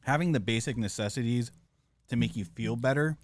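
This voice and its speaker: A man's voice: medium pitch, a little fast. A man explaining practical advice on a podcast in an earnest, plain way. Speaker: podcast cohost. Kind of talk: casual chat.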